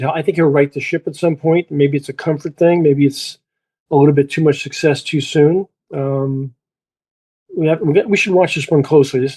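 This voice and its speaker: Middle-aged man, golf coach guest, warm dark tone, halting with fillers. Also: fairly high pitch, slightly rough, poor audio. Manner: halting, repeats words, many fillers. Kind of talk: casual remote interview chat.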